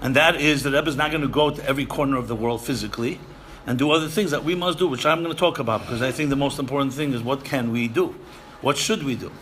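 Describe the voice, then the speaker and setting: Emphatic bright-voiced man lecturing. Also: mid-range voice, fast, hardly any pauses, slight background noise. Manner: emphatic, repeats phrases, Yiddish and Hebrew terms. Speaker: rabbi lecturing seminary students. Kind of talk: sermon-style lecture.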